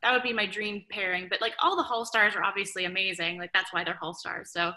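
A young woman with a bright, clear voice chats casually as a podcast guest. She talks in an animated way, full of fillers and restarts, and keeps a friendly, easy rhythm. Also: medium pitch, quick pace, rough recording. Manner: chatty, animated, frequent "like" and "um". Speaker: author guest.

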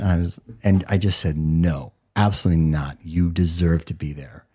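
40s guy on a podcast, low and a bit husky, animated storyteller doing everyone's lines. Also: a little fast, few pauses. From United States. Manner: animated storyteller, acts out quotes. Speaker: guest.

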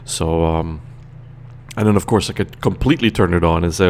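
A man's voice: deep voice, brisk. A man with a Trinidadian accent hosting his own radio show in a loose, chatty monologue, tired and rambling, laughing now and then.

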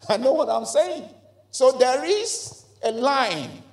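A man's voice: extremely high pitch, big pitch swings, takes it slowly, reverberant. A man preaching a sermon in a church, with emphatic call-and-response and repeated phrases. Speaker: pastor. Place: church hall.

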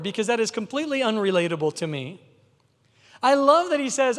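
A man with a notably high voice delivers an emphatic, conversational sermon as pastor. His words ring out with a long reverb trailing behind them, as though in a church sanctuary. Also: animated, fairly quick, fairly bright tone.

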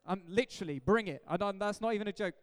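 Pastor, high resonant voice, emphatic and playful sermon delivery, long hall reverb. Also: male voice, quick pace, smooth. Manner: energetic, jokey, emphatic preaching. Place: church hall.

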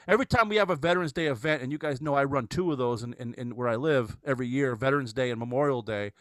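A man's voice: medium pitch, quick pace, no echo. A man hosting a casual podcast chat, telling a rambling story with lots of restarts and fillers. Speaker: podcast host.

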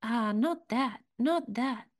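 A woman voicing a gentle, devoted bamboo plant from a parable that pleads in archaic speech and sinks to a whisper. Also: fairly high pitch, takes it slowly. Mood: pleading.

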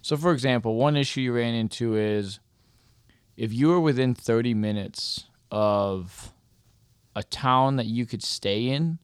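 A man from Michigan with a Michigan accent, co-hosting a casual hunting podcast in a relaxed way and laughing easily. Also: mid-range voice, measured pace, clean tone, no echo, clean studio sound. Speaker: podcast co-host.

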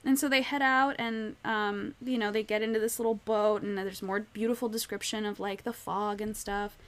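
A woman's voice: medium pitch, fairly even intonation, normal speed, clean tone. A woman co-hosting a casual podcast chat, retelling a story and acting out the characters' lines. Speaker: podcast co-host.

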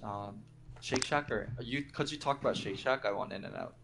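A man on a podcast panel, giving plain, deliberate opinions. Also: on the low side, gravelly, fairly bright tone, slight background noise. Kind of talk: casual chat.

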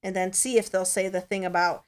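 A woman's voice: medium pitch, fairly even intonation, fairly quick. A woman hosting a podcast in casual chat, talking in a chatty, rambling way with many "like" fillers. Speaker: podcast host.

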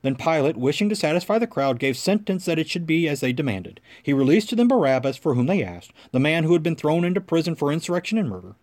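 Male lector, measured scripture reading, slightly high-pitched voice. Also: lively intonation, darkish tone. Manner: measured, clear narration.

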